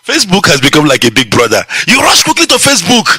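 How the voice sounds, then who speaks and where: A Nigerian man hosts a radio show and preaches at his listeners with scornful, mocking energy. His voice swoops up and down a lot and sounds bright and forceful. The recording is dry and close, with no room sound. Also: sits high, wildly swooping pitch, fast, husky, no echo. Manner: preachy, mocking, laughs at his own jokes, acts out quoted voices. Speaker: radio broadcaster. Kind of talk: impassioned radio monologue.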